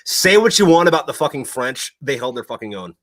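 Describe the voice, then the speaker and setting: A man tells war history in a loose, swearing, meandering chat, full of fillers and restarts. His voice is bright and forward. He sits at an ordinary middle pitch. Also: brisk. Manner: profane, rambling, animated storytelling with many fillers. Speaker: podcast host. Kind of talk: casual chat, military history storytelling.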